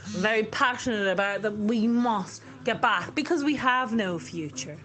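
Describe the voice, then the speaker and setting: A woman's voice: medium pitch, normal speed, fairly bright tone. A woman with an Irish accent hosting her own radio show, speaking in a fiery, indignant and emphatic monologue.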